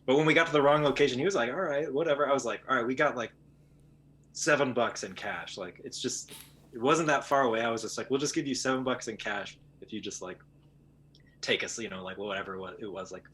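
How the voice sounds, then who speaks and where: A young man as a podcast guest, recalling a story in a relaxed, rambling way. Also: on the low side, a little hiss or hum. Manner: relaxed, rambling recollection with fillers. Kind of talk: casual conversation.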